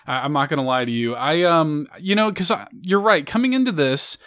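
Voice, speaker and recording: A man hosting a casual live-stream chat, talking excitedly and rambling. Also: a little high, a little fast. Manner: excited, rambling, self-correcting. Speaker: podcast host.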